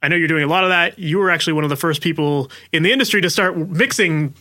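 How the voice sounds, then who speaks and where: A man's voice: on the high side, fast talker, pushed and bright. A man hosting a podcast, asking long, chatty questions full of "like" and "you know". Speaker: podcast host. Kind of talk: interview questions, casual.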